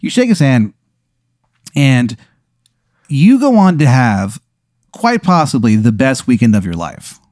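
Man, podcast host, rambling improvised story, lively pitch, dry close mic. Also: measured pace, long pauses, no room sound. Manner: rambling, lots of fillers.

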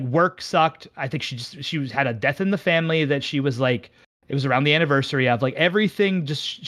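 A man who owns a game shop, telling a candid story in casual chat, animated and self-mocking, rambling with restarts. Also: medium pitch. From Pittsburgh area, United States. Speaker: game shop owner, podcast guest.

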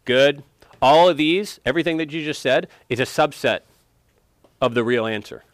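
A man's voice: on the high side, moderate pace, dry recording. A man teaching an interactive Bible lesson, emphatic and quizzing students for answers.

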